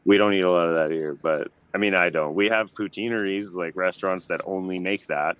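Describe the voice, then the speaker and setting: Co-host, man from Canada, low voice, easygoing chatter, muffled call audio. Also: steady tone, fairly quick, a bit bright, smooth. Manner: laid-back, laughs easily, chatty. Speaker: podcast co-host. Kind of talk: casual chat. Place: home, near a deck.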